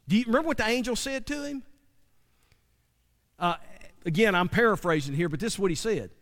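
Man, preacher, high-pitched voice, folksy conversational sermon, long hall reverb. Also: lively intonation, brisk, long pauses, fairly bright tone. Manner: folksy, conversational, asks the audience questions.

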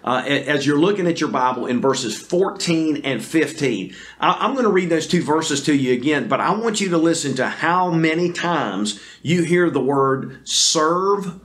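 A man's fairly high voice preaches a sermon to a video audience. He speaks earnestly and deliberately as a pastor, often stopping to restart his phrases with fillers. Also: animated, fairly bright tone. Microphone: camera recording.

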